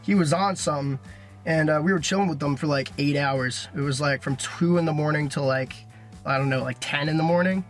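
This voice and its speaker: Young guy rambling through a story, voice a bit on the high side, faint music behind. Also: fairly quick. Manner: rambling and animated, heavy on "like" fillers. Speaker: vlogger. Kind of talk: casual storytelling to camera.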